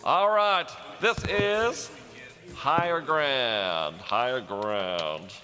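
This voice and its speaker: Speaking extremely slowly in a bright, forceful, medium-pitched voice, a man runs an orchestra rehearsal. He stays upbeat as he scats rhythms, counts the musicians in and gives directions. A long hall reverb surrounds him, with music faintly audible.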